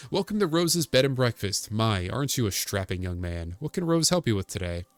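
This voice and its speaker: A man's voice: on the low side, very animated, brisk, no room sound. A man putting on a doting motherly innkeeper woman.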